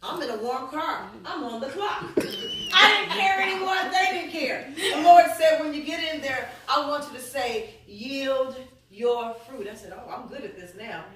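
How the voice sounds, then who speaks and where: A woman pastor giving a sermon testimony, telling her story with animated voices and frequent laughter. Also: sits high, fairly quick, few pauses. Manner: animated storytelling, acts out dialogue, laughs often. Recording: echoey room, from far off.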